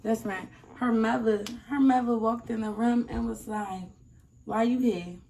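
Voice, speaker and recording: A young woman vlogger telling a casual storytime, animated and acting out the people in it. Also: on the high side, normal speed, gravelly. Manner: animated, acts out quoted people. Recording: slightly distant mic, faint noise.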